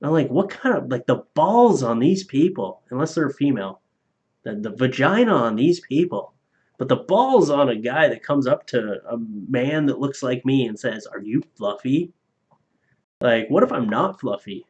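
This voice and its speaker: A man in a relaxed live-stream chat, reading viewer donations aloud. His talk is loose and profane, and he laughs at his own jokes. The stream audio is a little dull and lo-fi. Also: medium pitch, moderate pace.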